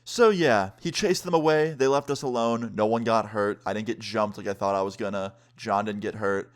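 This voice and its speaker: A man's voice: fairly low pitch, moderate pace. A young man telling a casual storytime as a vlogger, chatty, full of fillers, acting out what others said. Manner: acts out quotes of others.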